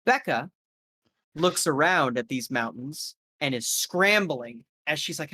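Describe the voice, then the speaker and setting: A man's voice: fairly high pitch, expressive, takes it slowly, pushed and bright, husky, no echo. A man serving as game master, narrating a horror scene in a loose style full of fillers.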